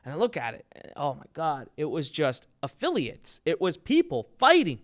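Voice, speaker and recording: A man with a fairly high voice delivers a motivational talk on business, emphatic and full of energy. He punches key words and tells his stories with lively drive. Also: normal speed. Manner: emphatic and energetic, acts out quotes. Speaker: entrepreneur giving business advice.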